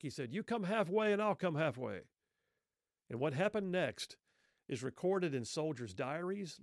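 A middle-aged man telling a story earnestly, with rhetorical questions and pauses. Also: a little high, gravelly, no echo, studio quality. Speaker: speaker telling a Christmas story. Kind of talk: reflective spoken storytelling.

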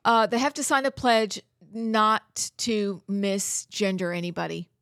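A woman co-hosting a talk show with deadpan, wry remarks. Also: mid-range voice, a little slow, no echo, studio quality. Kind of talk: casual chat.

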